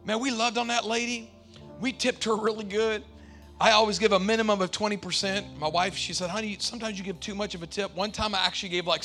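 High, bright-voiced preaching pastor. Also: male voice. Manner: shouting, sing-song preaching climaxes; relaxed storytelling with acted-out quotes. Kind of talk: sermon.

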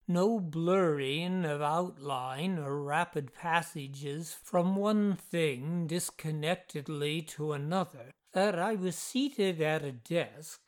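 A woman narrates a ghost story in a measured, deliberate way. Her voice sits on the low side, and she takes her time over every phrase.

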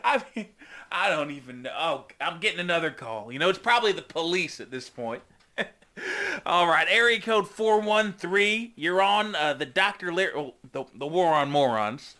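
A male call-in host rants sarcastically in a bright, sharp voice that swoops up and down a lot. His pitch sits a little above average, and he sounds incredulous as he riffs. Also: lively intonation, moderate pace. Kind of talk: comedic call-in show monologue.

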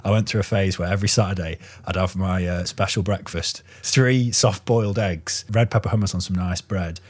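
A man co-hosting a casual comedic chat, swearing freely and rambling, with a husky voice. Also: deep voice, steady tone, moderate pace.

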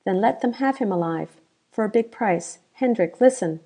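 A woman voicing a young woman who urges with calm confidence while hiding fear. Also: medium pitch, normal speed, slightly rough. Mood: coaxing. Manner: urgent, coaxing.

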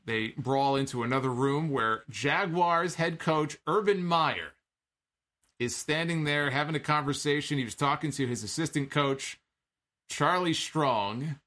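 A man's voice: fairly high pitch, unhurried, pushed and bright. Wry, casual man recapping wrestling. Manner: conversational, wry asides, frequent "uh".

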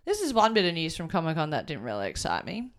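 A woman's voice: sits low, huge pitch swings, fast talker. A young woman with a New Zealand accent co-hosting a podcast, chatting casually and laughing often as she retells stories. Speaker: podcast co-host. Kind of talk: casual chat.

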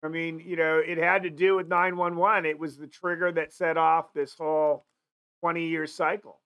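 Male talk host with a gravelly, bright, slightly high voice who rambles through his points. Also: flat delivery, moderate pace. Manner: rambling, with many restarts and fillers. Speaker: show host. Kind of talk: casual talk show chat.

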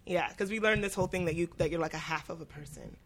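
A woman's voice: on the low side, quick pace, vocal fry, over a noisy crowd. A woman co-hosting a casual podcast chat, speaking bluntly and expressively. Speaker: podcast co-host.

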